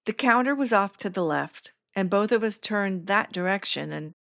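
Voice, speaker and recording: A woman's voice: mid-range voice, lively intonation, moderate pace, creaky, a bit bright. A woman, the podcast host, reading her memoir aloud in the first person, with wry self-mocking humor.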